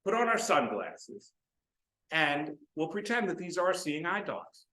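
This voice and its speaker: Man voicing eager schemer in a joke, lively pitch, echoey room. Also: a little slow, full character voice. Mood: scheming. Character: scheming man with a clever plan. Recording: roomy echo.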